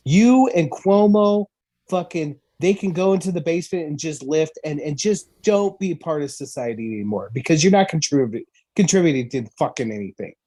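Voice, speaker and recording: A man's voice: a little high, lively intonation, a little fast, dark tone. A man co-hosting a podcast who rants with heavy swearing in an exasperated comedic style. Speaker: podcast co-host. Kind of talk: profane comedic rant.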